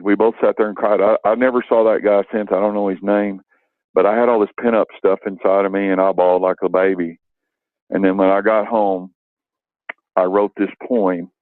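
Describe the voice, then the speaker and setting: An older man telling an emotional story and reading a poem as a guest on a call-in interview, halting and full of fillers. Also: low-pitched, no room sound. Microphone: telephone. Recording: tinny dry phone line.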